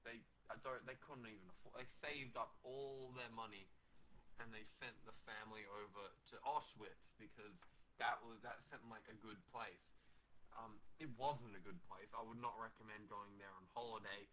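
A man's voice: fairly low pitch, steady tone, moderate pace, bright, forceful tone, a little hiss or hum, rough recording. A man telling a crude, profane, rambling comic story with many fillers.

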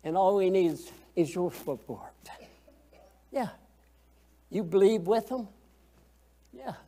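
High-voiced man teaching Sunday school. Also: expressive, slow, warm tone. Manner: folksy, colloquial, asks the class questions.

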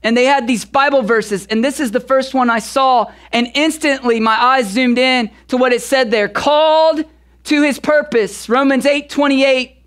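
A man's voice: very high-pitched, moderate pace, fairly bright tone. Man in his thirties telling a sermon story. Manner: conversational, personal anecdotes with fillers. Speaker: pastor.

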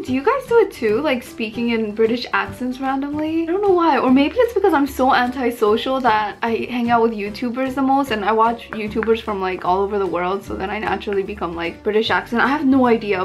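A woman's voice: a little high, lively intonation, a little fast, few pauses. Chatty, giggly young woman vlogging. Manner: chatty and giggly, slips Japanese words into English. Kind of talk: casual vlog chat.

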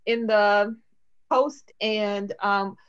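A woman's voice: medium pitch, steady tone, extremely slow, smooth. A woman hosting a podcast, chatting casually and hesitantly with many fillers. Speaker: podcast host. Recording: dull lo-fi sound.

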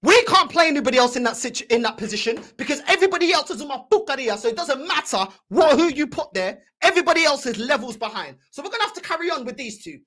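A woman's voice: high voice, animated, fast talker, few pauses, fairly bright tone. A young woman, hosting a football fan channel and ranting angrily, mocking and repeating herself. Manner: heated, mocking, repetitive ranting. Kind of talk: angry fan reaction rant.

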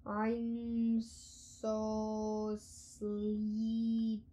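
A woman's voice: medium pitch, expressive, slow pace, darkish tone. A woman voicing a grumpy, strict male school principal in an audiobook, growling and snapping his lines. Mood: sleepy.

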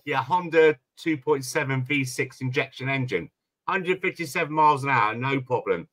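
A man's voice: mid-range voice, moderate pace, fairly bright tone. A British man hosting a live stream chat, telling stories animatedly and swearing freely. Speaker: streamer host.

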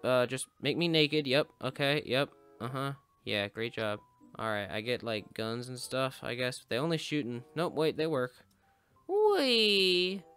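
A man's voice: medium pitch, a bit bright, smooth. A man giving casual, joking commentary while playing a video game, rambling and breaking into sudden yelps. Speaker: gaming YouTuber.

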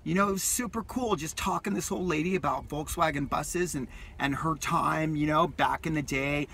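A man's voice: fairly high pitch, normal speed, gravelly, a bit bright, a little hiss or hum. A man vlogging from his parked vehicle, telling a rambling, enthusiastic story in a casual way that repeats itself.

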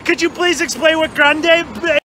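A young man playing a manic, desperate male political superfan, shouting, begging and rambling crudely in an improvised comedy rant outdoors on a city street. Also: very high-pitched, steady tone, normal speed, slight background noise. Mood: shouted begging. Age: young adult.

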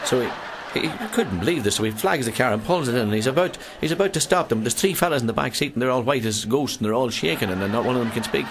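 A man's voice: mid-range voice, animated, quick pace, few pauses, noisy background. A man with an Irish accent telling a joke on stage as a stand-up comedian, chatty and storytelling.

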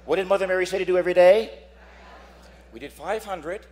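A man's voice: sits high, a little fast, darkish tone. A man who is a priest, preaching a dramatic sermon, telling stories and acting out voices while asking "Amen?".

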